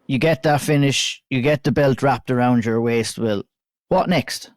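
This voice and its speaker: An Irish man hosting a podcast interview, asking measured questions and complimenting his guest. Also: medium pitch, no echo, studio quality. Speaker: podcast host.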